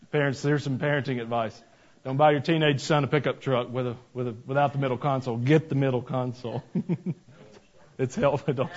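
A man preaching a sermon in a church, talking conversationally and adding joking asides. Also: fairly high pitch. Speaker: pastor. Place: church sanctuary. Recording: dull lo-fi recording.

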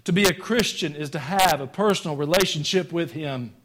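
A man preaching a sermon to his congregation. He talks conversationally, pushing some lines out loud and dropping others to quiet joking asides. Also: on the high side, a little fast. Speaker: pastor. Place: church sanctuary.

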